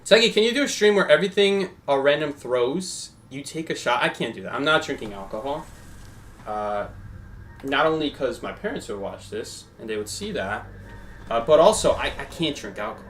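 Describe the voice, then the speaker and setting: Young man, game streamer, casual commentary, chatty, very lively pitch. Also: normal speed, a little hiss or hum. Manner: chatty and animated, thanking viewers. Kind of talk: casual live gameplay commentary.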